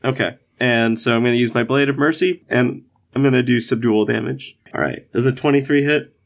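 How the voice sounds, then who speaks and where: A man playing a tabletop game, eagerly thinking out loud about his moves. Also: mid-range voice, fairly quick, gravelly. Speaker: player. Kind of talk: casual tabletop play.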